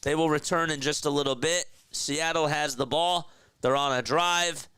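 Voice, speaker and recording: A man's voice: fairly high pitch, steady tone, moderate pace, bright, forceful tone, clear, resonant tone, no echo. A man calling a game live as a play-by-play streamer, casually chatting with viewers between plays.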